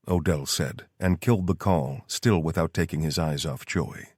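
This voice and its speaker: Man, very deep voice, audiobook narration, dry close sound. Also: normal speed, hardly any pauses, a little mellow, no echo.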